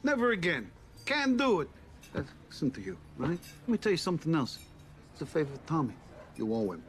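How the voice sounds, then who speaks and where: A brash, swaggering debt collector. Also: male voice, a little high, huge pitch swings, a little fast. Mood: persuasive. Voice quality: swaggering, theatrical, swearing. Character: brash male debt collector, pushy and theatrical. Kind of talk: film drama dialogue.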